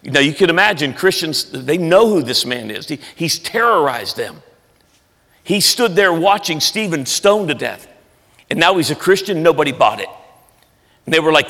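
A man pastor preaching a sermon in a church, earnest and emphatic, sometimes dropping soft. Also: on the high side, lively intonation, normal speed, vocal fry. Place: large church sanctuary. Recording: echoey church hall.

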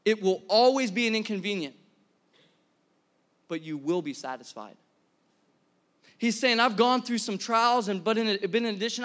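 A pastor in his thirties preaching a sermon to a congregation, energetic and conversational, asking the room questions. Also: high-pitched. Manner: energetic, conversational, many restarts and audience questions. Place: church hall before a congregation.

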